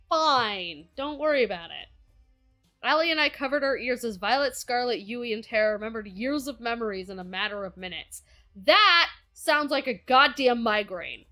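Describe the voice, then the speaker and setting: Young woman, game streamer, bright tone, excitable, profane, faint background music. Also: on the high side. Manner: excitable, profane, reacts loudly. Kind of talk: game playthrough, reading dialogue aloud.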